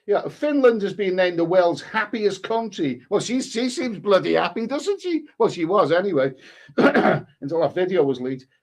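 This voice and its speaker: A man's voice: sits high, very animated, moderate pace. A man, hosting a live stream and rambling through crude commentary with many restarts. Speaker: livestream host.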